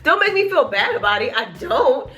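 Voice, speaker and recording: A young pregnant woman vlogging a casual rant, animated and laughing as she acts out what people say to her. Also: high-pitched, moderate pace.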